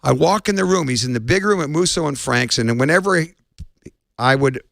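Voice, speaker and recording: A man being interviewed as a guest, telling lively stories and acting out the people in them. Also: a little high, a little fast, gravelly, dry recording, studio quality. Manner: lively storyteller, acts out quotes. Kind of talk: anecdotal storytelling.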